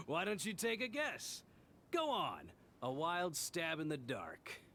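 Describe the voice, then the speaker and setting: An actor playing a sly, mocking male tavern schemer in a game, smooth and taunting. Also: on the high side, sing-song, slow pace, bright, forceful tone, a little hiss or hum, heavily acted. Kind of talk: game voice acting.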